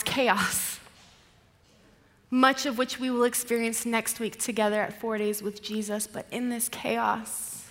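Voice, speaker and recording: A woman preacher with a slightly high voice gives a sermon, dramatically retelling a story and shifting between vivid passages and hushed ones. A long reverb tail follows her voice.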